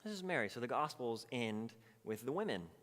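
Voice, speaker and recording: A man leading a Bible study, telling the story in an animated way and acting out the voices of its people. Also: medium pitch, brisk. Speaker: pastor. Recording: long hall reverb.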